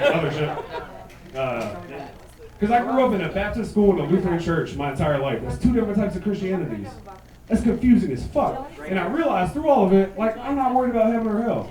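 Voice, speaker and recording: A man in his thirties performing a profane stand-up set, loud and punchy, slipping into mocking put-on voices. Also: a little high, expressive, fast talker. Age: 30s. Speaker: stand-up comedian. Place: comedy club stage. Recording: echoey club, mic heard from a distance, laughing crowd.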